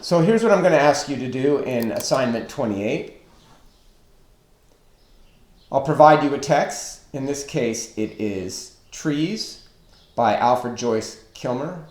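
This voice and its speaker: A man teaching a recorded online lesson on poetic meter, slow and deliberate as he counts out stresses and feet. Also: mid-range voice, lively intonation, a little mellow. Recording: echoey room.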